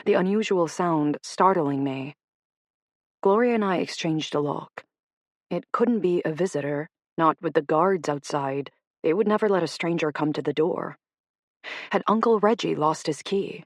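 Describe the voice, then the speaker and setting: A woman narrating a dark romance audiobook in the first person, measured and steady. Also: deep voice, no echo, studio quality. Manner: measured storytelling.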